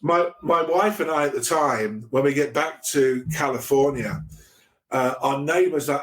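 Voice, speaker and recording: A man's voice: on the high side, a bit bright. A middle-aged man, a podcast guest, telling a story casually, often restarting his sentences with stammers. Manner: halting, with many restarts and stammers.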